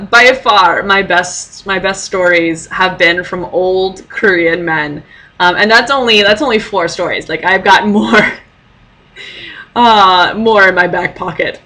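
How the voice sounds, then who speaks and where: A woman's voice: mid-range voice, sharp tone, low-quality recording. A young woman vlogger telling funny stories casually to camera, with many fillers and laughing asides.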